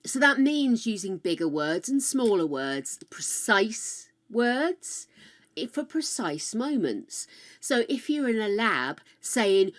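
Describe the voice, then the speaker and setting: A woman's voice: mid-range voice, big pitch swings, slow pace. Older British woman streamer, casual and frank, swears freely, chats while gaming. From United Kingdom. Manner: chatty, frank and swearing freely, with playful asides to chat.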